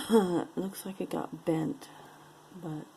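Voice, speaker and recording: A woman's voice: on the low side, fairly even intonation, slow pace, creaky, darkish tone, a little hiss or hum, rough recording. A woman casually showing and describing jewelry pieces one by one, with playful sing-song asides. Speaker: jewelry unboxing vlogger. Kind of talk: casual show-and-tell commentary.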